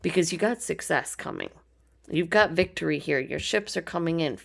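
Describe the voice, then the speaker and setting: Low, gravelly woman tarot reader; relaxed, chatty, affectionate delivery. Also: moderate pace. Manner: chatty, informal, frequent ums, affectionate terms. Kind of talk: casual pick-a-card tarot reading.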